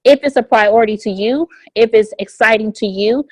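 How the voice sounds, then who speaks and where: A woman leading a motivational business training session on a conference call, energetic and repeating her key phrases for emphasis. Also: on the high side, moderate pace, no echo. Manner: energetic and repetitive, hammers home key phrases. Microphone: phone conference line.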